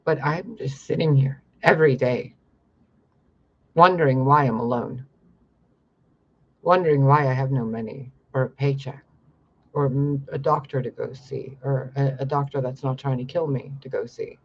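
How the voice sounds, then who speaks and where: A man's voice: medium pitch, moderate pace, gravelly, dull audio, slight background noise. A young man talking in a rambling, profane monologue to camera about his spiritual visions. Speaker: spiritual vlogger.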